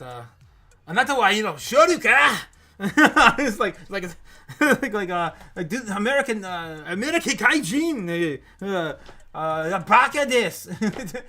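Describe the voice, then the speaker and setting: A man's voice: on the high side, a bit bright. A man hosting a casual livestream, rambling and laughing often at his own jokes. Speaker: host.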